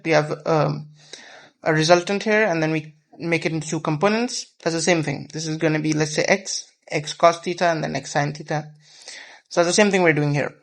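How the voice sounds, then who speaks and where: A man's voice: high-pitched, fairly bright tone. A man teaching a whiteboard physics lesson, explaining patiently step by step and repeating key terms.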